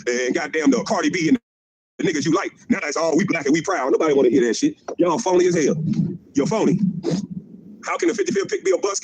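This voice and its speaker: A man's voice: fairly high pitch, a little mellow, rough recording. A middle-aged man delivering a profane, mocking livestream rant, repeating his jabs and laughing at them. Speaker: former pro basketball player ranting on a stream.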